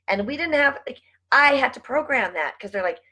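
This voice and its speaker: A woman's voice: sits high, lively intonation, brisk, sharp tone, poor audio. A middle-aged woman talking casually to camera, chatty and rambling, laughing often as she goes off on asides. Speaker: vlogger and network marketing team leader.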